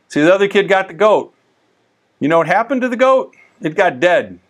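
A man teaching the Bible in a casual, conversational way, telling stories with lively asides and frequent restarts. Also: on the high side, a little fast.

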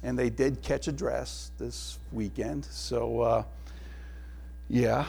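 Middle-aged pastor guy, gravelly voice, chatty sermon stories, goes soft and quiet when he prays. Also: mid-range voice, steady tone, takes it slowly. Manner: storytelling with laughs, dropping to a hushed tone for prayer.

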